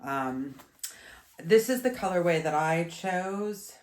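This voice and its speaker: A woman in her thirties reviews yarn in a slow, unhurried ramble, full of ums and restarts. Her voice sits low and sounds a little stuffy. The recording carries a roomy echo. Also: animated. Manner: chatty, meandering, with many fillers and restarts. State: stuffy, congested. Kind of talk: casual video review.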